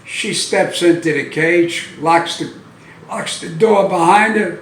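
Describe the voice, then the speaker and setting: A man tells dirty jokes like a deadpan storyteller, building each one slowly toward the punchline. His voice sits fairly high for a man. The sound is roomy and echoey, caught by a mic set far off. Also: a little hiss or hum. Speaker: stand-up comedian.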